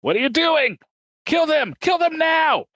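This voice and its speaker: A man's voice: animated, slow pace, no echo, rough recording. A man doing a scheming villain over an intercom. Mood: frantic. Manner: coaxing, then shrill and shouting.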